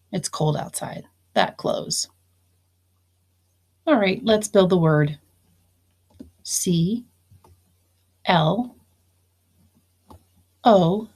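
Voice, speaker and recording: Woman teacher slowly dictating phonics. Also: on the low side, vocal fry, darkish tone. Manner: slow, deliberate dictation of phrases. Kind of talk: recorded phonics lesson.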